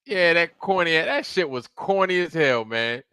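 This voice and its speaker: A man riffs and swears through a relaxed stream chat, reacting loudly to his co-hosts. His voice is bright and forceful, and it sounds dry and close on the mic. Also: a little high, moderate pace, clear, resonant tone, dry recording. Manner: joking, profane, loud reactions. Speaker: co-host. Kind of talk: casual chat.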